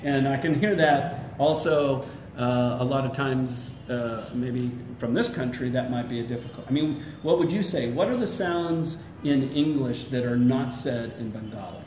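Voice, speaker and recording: A man's voice: mid-range voice, normal speed, hardly any pauses, roomy sound, a little hiss or hum. A man with an American accent, an English teacher chatting casually and playfully in an interview. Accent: General American. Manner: lively, playful, imitates other accents. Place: language school in Bangladesh.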